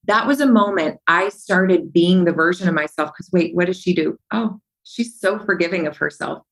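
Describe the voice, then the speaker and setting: Animated lower-voiced woman telling stories. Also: moderate pace, rough recording. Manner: animated storyteller who acts out remembered dialogue; emphatic, builds points by repeating phrases. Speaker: podcast guest. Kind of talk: conversational podcast interview.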